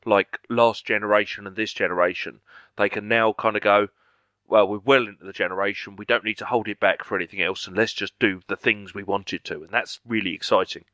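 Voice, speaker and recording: A man's voice: on the low side, fairly even intonation, brisk, pushed and bright, no room sound, lo-fi sound. A man co-hosting a podcast, chatting enthusiastically about video games and swearing freely. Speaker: podcast co-host. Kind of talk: casual chat.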